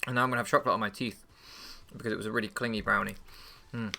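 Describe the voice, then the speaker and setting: Rambling young English host, bright voice with gravelly fry, swears and stumbles over his words. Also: lowish voice, steady tone, racing. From England. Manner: rambling, swears freely, loses his train of thought. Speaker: channel host and league player. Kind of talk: casual rambling chat before a match.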